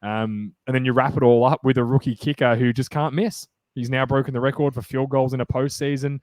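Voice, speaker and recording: A man co-hosting a sports podcast, chatting casually and getting excited, rambling with many fillers and restarts. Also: mid-range voice, brisk, no echo. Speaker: podcast co-host.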